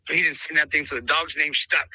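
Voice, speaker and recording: A man with a fairly high, sharply forceful voice, recounting his dogs in a podcast interview. He stumbles and repeats words as he goes and keeps calling the listener brother. The sound is close and dry. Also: fairly even intonation, fast, breathy edge, no room sound, poor audio. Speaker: dog breeder interviewed on a podcast. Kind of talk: animated storytelling in conversation.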